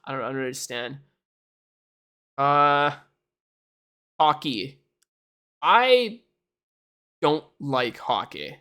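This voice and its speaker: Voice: medium pitch, sing-song, drawn-out words, pauses often, sharp tone, clear, resonant tone. A young adult from Canada, chatting casually and rambling on a live stream while reacting to chat. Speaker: livestreamer.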